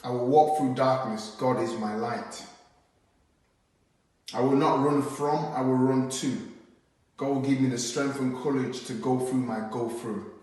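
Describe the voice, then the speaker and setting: A man performs rhyming spoken word poetry in a calm, earnest voice. He takes each line slowly and lets it land. The sound bounces around a very echoey room, and he stands back from the mic. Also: mid-range voice, recorded from a distance.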